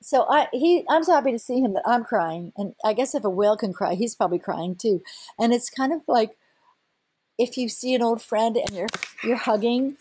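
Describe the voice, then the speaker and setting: A middle-aged woman, a whale researcher, telling an animated story, laughing often and acting out voices. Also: a little high, moderate pace, slightly rough. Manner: lively, excited, laughs often, acts out quoted voices. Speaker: whale researcher and boat operator.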